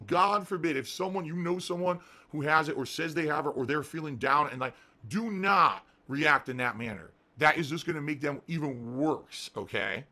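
A man's voice: a little high, moderate pace, pushed and bright. A middle-aged man streaming live, ranting and at times sarcastic as he talks to his viewers. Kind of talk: livestream talk.

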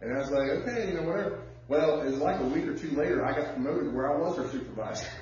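A pastor preaching a sermon in a conversational way, drawing out words for emphasis and telling personal stories. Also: male voice, medium pitch, fast, darkish tone, a little hiss or hum. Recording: echoey church heard from far off, dull sound.

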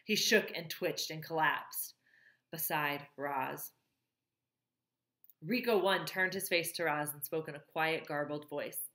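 A woman with a fairly low voice reads a novel aloud and now and then stops to comment on the plot. Her voice carries a roomy echo. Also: slow pace, pushed and bright. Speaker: reader.

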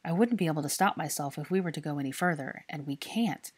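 A woman's voice: low-pitched, fast, breathy edge. A woman voicing an anxious, earnest young man in love, talking in an urgent, pleading way.

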